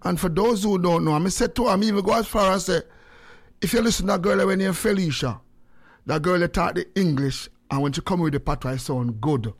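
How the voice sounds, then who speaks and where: A Jamaican man with a slightly raised voice talks in a loose, lively way. He hosts the chat, slipping between English and patois as he lectures and jokes. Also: sits high, brisk. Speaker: radio host. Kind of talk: casual chat.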